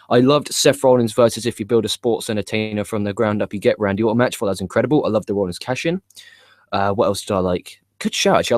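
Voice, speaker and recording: A young man co-hosting a wrestling news show, chatting live in a rambling, excitable, profane way. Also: lowish voice, no room sound, studio quality.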